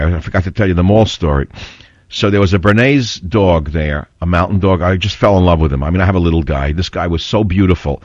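Older man, talk radio host, blunt and rambling; low-pitched, dry and a little lo-fi. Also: no room sound. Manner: blunt, combative, rambling storyteller. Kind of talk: opinionated talk radio monologue. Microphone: studio mic. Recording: dull, slightly lo-fi radio audio.

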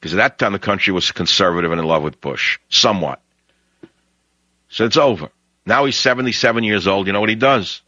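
A man with a New York accent hosting a talk radio show, ranting sarcastically and jumping his pitch up high for emphasis. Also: a little fast, sharp tone, dry recording. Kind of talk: opinionated radio monologue. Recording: dry, dull lo-fi radio audio.

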